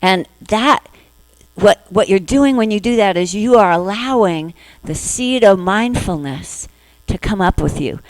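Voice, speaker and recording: A woman minister giving a spiritual talk to her congregation, gentle, acting out inner voices in little quoted asides. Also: mid-range voice, lively intonation, unhurried, no echo, rough recording.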